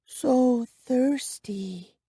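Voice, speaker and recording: A man voicing a thirsty, teasing vampire girl in an audiobook, with a slow, breathy hiss. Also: very high-pitched, mellow, no echo, studio quality, pitched above the performer's own voice, exaggerated voice. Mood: hungry hiss. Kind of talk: audiobook character voice.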